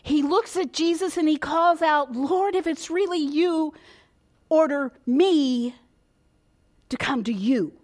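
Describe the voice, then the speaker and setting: A woman's voice: sits high, slow pace, darkish tone. A woman preaching a sermon, dramatic, dropping to a whisper and rising for emphasis.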